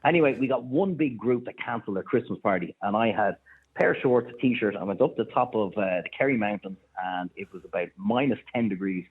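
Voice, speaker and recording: Fast-talking Irish man on a phone line. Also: lowish voice, slightly rough. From Ireland. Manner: animated anecdote-teller, acts out quoted voices. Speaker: chef and restaurant owner, guest. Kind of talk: casual radio storytelling. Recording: thin phone-line sound.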